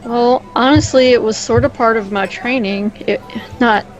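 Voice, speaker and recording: A woman's voice: on the high side, fairly even intonation, moderate pace, soft background music, low-quality recording. A woman playing in a tabletop game, talking in character with hesitant, self-correcting speech. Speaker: player. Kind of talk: casual in-character role-play.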